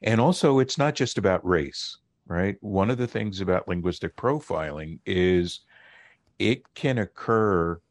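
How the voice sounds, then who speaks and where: A middle-aged man, a linguist and professor, explaining his research as a guest on a radio interview in a measured way. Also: low-pitched, no echo. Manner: measured, explanatory, with occasional fillers.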